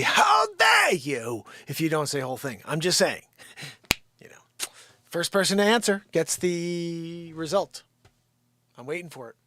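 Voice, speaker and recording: A man's voice: mid-range voice, fairly bright tone, dry recording. A man hosting a live stream, casually chatting and impatiently prodding viewers to answer in the chat.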